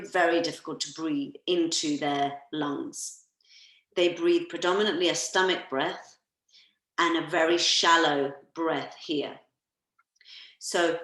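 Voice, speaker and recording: A woman massage therapist leading a workshop, calmly coaching listeners through guided breathing on a video call. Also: on the low side, reverberant, low-quality recording.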